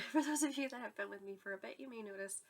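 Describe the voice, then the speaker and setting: Talking fast in a fairly high, gravelly voice made congested and nasal by a cold, a woman in her thirties hosts her knitting podcast at home. The yarn dyer chats casually to camera, laughing a lot, with yarn shelves lining the room behind her.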